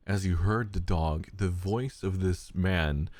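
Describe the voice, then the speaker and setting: A man co-hosting a podcast in casual, rambling chat, animated and given to quick put-on voices when quoting. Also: dry recording, studio quality. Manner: rambling and animated, slips into high cute voices for quotes. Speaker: podcast co-host.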